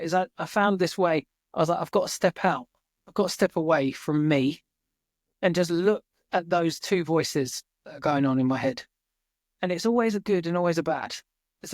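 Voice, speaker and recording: A man's voice: high voice, no echo. Male podcast guest, earnest and reflective, casual swearing, dry close sound. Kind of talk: casual storytelling interview. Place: remote farm in Norway.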